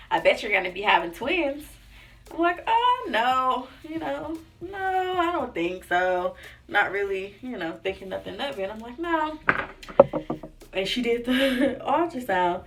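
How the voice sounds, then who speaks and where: A lifestyle vlogger, young and female, recounts a personal story in relaxed, chatty fashion, performing quotes and using "like" and "y'all" often. Her mid-range voice is fairly bright. The mic catches her from a distance, slightly off-axis, with faint background music.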